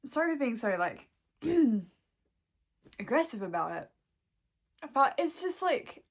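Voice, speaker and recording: A woman's voice: on the high side, very animated, takes it slowly. A young woman and shop worker venting to her camera at home, swearing heavily and rambling, close to tears. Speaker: vlogger and shop employee.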